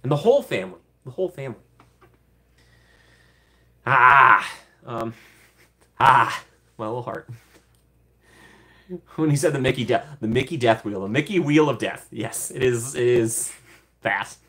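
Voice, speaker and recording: Young male streamer, casual chat, easy middle pitch, laughs a lot and gushes thanks. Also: expressive, fast talker. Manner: chatty, laughs often, gushes thanks to viewers. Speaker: livestream host.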